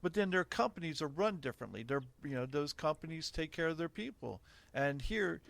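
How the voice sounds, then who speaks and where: A man's voice: on the high side, lively intonation, fairly quick, gravelly, a bit bright. A middle-aged man hosting a podcast, talking frankly and opinionatedly in casual chat, laughing often. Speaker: podcast host.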